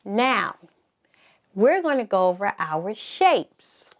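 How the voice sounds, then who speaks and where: A woman teaching a slow, encouraging lesson for small children, asking them to repeat words after her. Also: medium pitch, big pitch swings. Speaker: preschool teacher.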